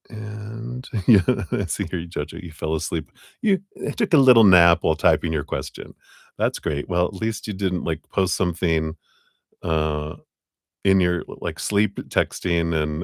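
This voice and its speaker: A man's voice: rumbling low, creaky, dry recording, clean studio sound. A man hosting a live tarot stream, chatting casually with viewers, laughing often and sounding giddy.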